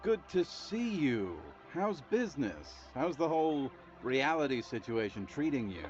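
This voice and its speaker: A man's voice: mid-range voice, big pitch swings, unhurried, muffled recording. A man voicing a teasing, drawling thirty-something guy in a tracksuit in a game.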